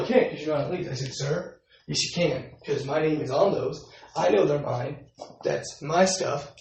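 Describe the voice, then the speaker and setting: A man's voice: fairly high pitch, vocal fry, darkish tone. A young man casually recounting a story, animatedly acting out both sides of an argument with laughs. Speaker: vlogger. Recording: very echoey room, mic far off.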